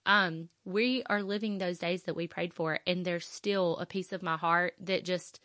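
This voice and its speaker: Low, bright-voiced woman. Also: fairly even intonation, a little slow, dry recording, clean studio sound. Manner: emotional, tearful at times, rambling with fillers. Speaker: podcast host. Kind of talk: personal faith podcast talk.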